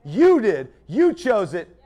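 A man's voice: high-pitched, wildly swooping pitch, slow pace, mellow. A man preaching a sermon as pastor, fiery and building in intensity.

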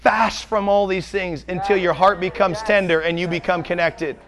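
High-voiced joking preacher. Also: male voice, fairly even intonation, normal speed. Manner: blunt, joking, conversational preaching. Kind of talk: sermon.

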